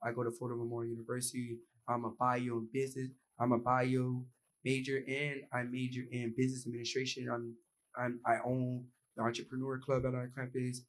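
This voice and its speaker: A man's voice: medium pitch, monotone, a little fast, rough recording. A young man, a university student, speaking earnestly from the audience microphone at a panel and acting out bits of dialogue. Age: young adult. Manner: earnest, acts out example dialogue.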